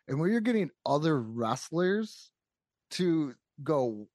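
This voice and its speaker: Chatty man, middle pitch, dry sound. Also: lively intonation, slow pace, a little mellow, no echo. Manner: conversational, builds points with restarts. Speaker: podcast guest co-host. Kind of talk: casual podcast chat.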